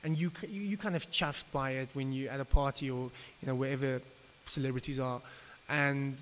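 Preaching an evening sermon in a conversational way, a man with a mid-range voice talks fairly quickly and with fairly even intonation. He often stumbles and restarts his sentences, recorded in a reverberant hall with faint hiss.

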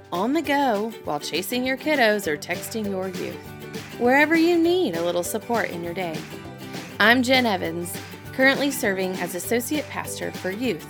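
Woman host with a gravelly voice. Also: mid-range voice. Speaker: podcast host and associate pastor. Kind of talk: scripted podcast intro, then interview questions.

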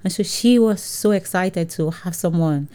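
A woman from Nigeria, a guest in an interview, telling her story in a lively way and laughing often. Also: on the low side, moderate pace. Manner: lively, laughs often, acts out quoted people. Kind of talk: conversational storytelling.

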